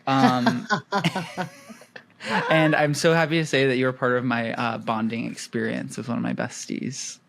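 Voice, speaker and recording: A man's voice: medium pitch, steady tone, a little slow, gravelly, fairly bright tone. Guy cohost rambling, lots of ums, giggly. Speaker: podcast co-host. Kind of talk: casual chat.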